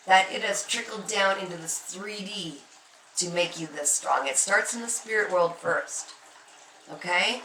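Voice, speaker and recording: Woman tarot reader, bright and insistent, recorded off-mic in an echoey room with faint noise. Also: on the low side, a little slow, far from the mic. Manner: emphatic, reassuring, addresses the listener directly. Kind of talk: spiritual tarot reading monologue.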